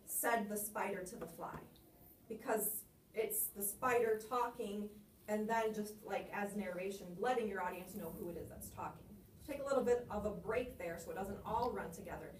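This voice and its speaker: A woman's voice: medium pitch, moderate pace, distant mic, a little hiss or hum. Encouraging woman teacher, echoey room. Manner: encouraging, asks guiding questions. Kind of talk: coaching a student's recitation.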